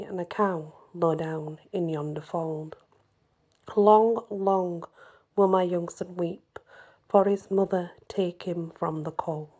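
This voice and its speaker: A woman reading old fairy ballads and folklore aloud as a storyteller, gentle and unhurried, sometimes dropping into a soft whisper. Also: on the low side.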